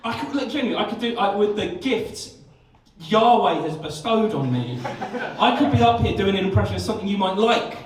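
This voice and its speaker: Young male stand-up, high-pitched, self-mocking and sweary, rambling through restarts, mic caught from across a noisy, echoing club. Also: expressive, brisk. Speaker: stand-up comedian. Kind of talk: live stand-up set. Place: comedy club stage. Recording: echoey club room, distant mic, audience noise.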